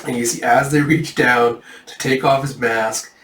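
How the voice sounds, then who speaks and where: Guy doing a casual manga readthrough, excitable, mic a bit far off in a roomy space. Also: mid-range voice, measured pace. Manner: excitable, recaps with "it's like". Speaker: manga reader.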